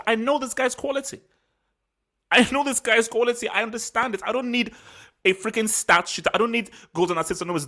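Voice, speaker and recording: A football channel host delivers a heated solo reaction after a match, his mid-range voice a little bright. He's worked up and angry, talking slangy and self-assured, hammering phrases again and again for emphasis.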